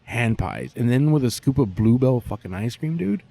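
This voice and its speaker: A man, a barbecue pitmaster telling stories in a profane, animated way during a casual interview. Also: medium pitch, normal speed, creaky.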